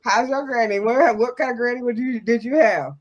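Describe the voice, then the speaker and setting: A woman's voice: on the high side, a little fast, dull audio. A woman in her thirties co-hosting a radio talk show, chatting easily and asking guests about their families. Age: 30s. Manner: laughing, chatty, asks guests questions. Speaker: radio co-host. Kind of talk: casual radio chat.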